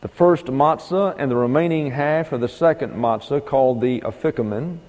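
A man teaches a Bible class in a loose, folksy way, wandering into asides and spelling words out letter by letter. His voice is dark and mellow. Long reverb from a hall trails behind him. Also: medium pitch, normal speed.

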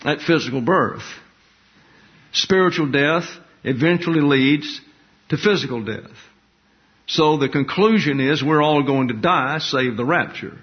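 A man teaching a Bible lesson in a slow, deliberate, explanatory way, repeating key words for emphasis. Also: on the high side, slightly rough. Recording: dull lo-fi recording.

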